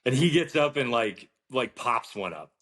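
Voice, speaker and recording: A man from New Jersey, a golf professional, telling an animated anecdote in an interview and acting out the dialogue. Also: medium pitch, normal speed. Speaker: golf professional, podcast guest. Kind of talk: storytelling interview.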